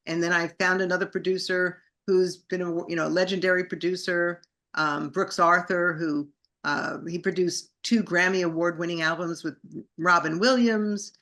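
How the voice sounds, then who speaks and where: A woman's voice: on the low side, fairly even intonation, moderate pace, fairly bright tone. A middle-aged woman, a singer and actress, telling her story in an interview with an enthusiastic, grateful manner.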